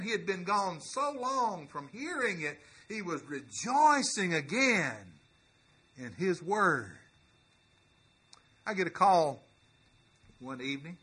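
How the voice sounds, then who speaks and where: A male pastor telling a story in a sermon, earnest and halting, with many restarts, who rises into emphatic preaching. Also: fairly high pitch, pushed and bright.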